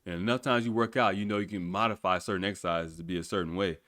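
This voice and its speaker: With a low voice and a quick pace, a thirty-something man swaps stories in loose, colloquial conversation. He gets animated, laughs a lot, and swears now and then.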